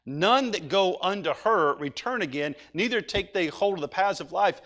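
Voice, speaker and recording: Male pastor, high-pitched tenor, reads scripture and preaches with building urgency. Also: expressive, moderate pace, fairly bright tone, highs cut off. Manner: reads scripture aloud then preaches, rising to urgent pleading. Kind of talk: sermon.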